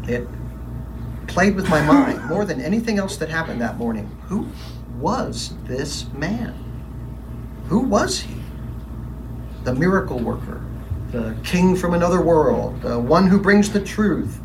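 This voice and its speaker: A man's voice: on the high side, very animated, takes it slowly, long pauses, recorded from a distance, background noise, heavily acted. A man playing a troubled, defensive middle-aged Roman governor in a first-person dramatic monologue, telling his story in a brooding, confessional way with emphatic quoted lines.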